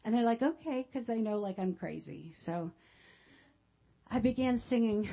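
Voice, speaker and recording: High-voiced woman pastor giving testimony. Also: moderate pace, dull audio. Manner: emotional storytelling, swinging from quiet to loud cries. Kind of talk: personal testimony in a sermon.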